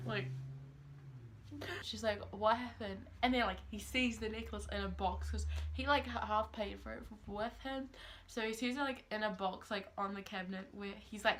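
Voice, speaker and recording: A woman's voice: on the high side, slight background noise. A teenage girl from New Zealand with a Kiwi accent, telling a storytime vlog in a chatty way and filling it with "like". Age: teens. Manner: chatty, says "like" constantly, acts out quotes. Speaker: vlogger. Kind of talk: casual storytime.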